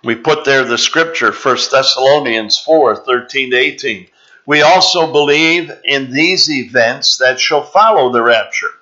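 A man preaching a sermon in a church, teaching slowly and deliberately and drawing out the scripture he reads aloud. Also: mid-range voice, sharp tone. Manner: slow, deliberate preaching with drawn-out scripture reading. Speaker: pastor. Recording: dull, slightly lo-fi sound.

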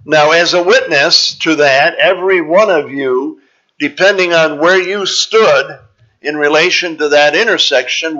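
A man teaching from scripture in a sermon, his voice a bit higher than most and bright and forceful. He talks in a measured, explaining way with frequent "uh" pauses. The recording sounds dull and lo-fi. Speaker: preacher.

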